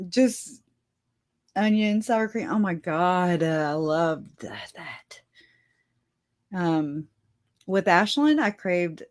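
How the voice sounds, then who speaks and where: A woman's voice: on the low side, a little mellow. A woman hosting a casual livestream, chatting with her viewers and laughing often as she talks. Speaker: livestream host.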